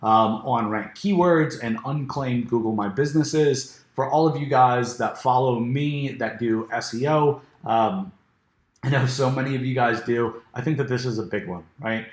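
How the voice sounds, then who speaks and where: A man talks his way through a software demo in a loose, casual way, stumbling over restarts and fillers. His voice is a little worn, as if he is losing it. The recording has a noticeable room echo. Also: mid-range voice, moderate pace. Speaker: software reviewer. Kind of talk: screen-share software walkthrough. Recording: echoey room.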